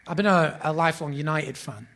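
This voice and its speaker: A man in his thirties with a Greater Manchester accent, telling lively, sweary anecdotes as a podcast guest. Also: a little high, brisk. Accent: Northern English (Greater Manchester). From Bury, England. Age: 30s. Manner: animated storyteller, swears freely, laughs often. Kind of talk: casual chat, anecdotes.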